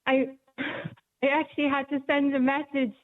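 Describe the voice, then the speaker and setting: Over a phone line, a woman newspaper reporter chats casually on the radio, telling stories full of ums. Her high-pitched voice is flat and unhurried.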